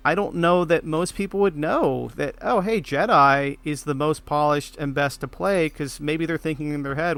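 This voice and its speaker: A man's voice: a little high, moderate pace, few pauses, fairly bright tone. A man guesting on a gaming podcast, talking casually with many ums and a wry edge.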